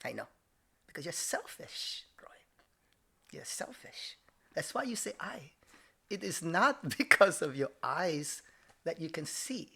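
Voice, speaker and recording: A man's voice: a little high, very animated, measured pace, creaky, long pauses, pushed and bright, husky, heavily acted. A man voicing his strict older father, an immigrant with a Japanese accent who speaks in short, broken phrases. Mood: lecturing. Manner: terse broken phrasing, patient questioning.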